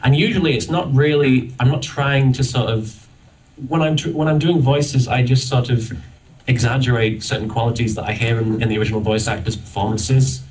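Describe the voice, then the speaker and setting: A man's voice: mid-range voice, steady tone, darkish tone. A man speaking as a guest on a convention panel, talking casually with frequent restarts and stumbles. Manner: halting, many restarts. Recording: distant audience-camera recording.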